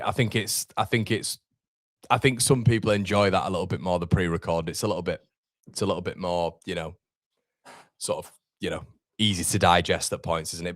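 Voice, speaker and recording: Chatty low-voiced man hosting a watchalong. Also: no room sound, studio quality. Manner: chatty, calls viewers mate, reads out chat. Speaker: football watchalong host. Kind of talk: live football watchalong commentary and chat.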